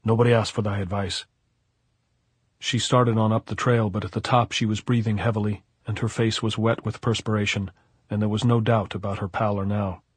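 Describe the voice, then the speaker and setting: Husky, low-voiced male audiobook narrator. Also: level tone, fairly quick, no room sound.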